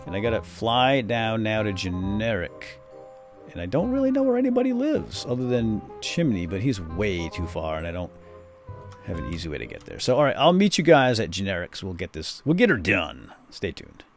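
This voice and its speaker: A middle-aged man hosts casual let's-play commentary, chatty and rambling as he tells stories, goes off on asides, and narrates what he's doing. His voice is on the low side and very animated, at normal speed, with soft background music.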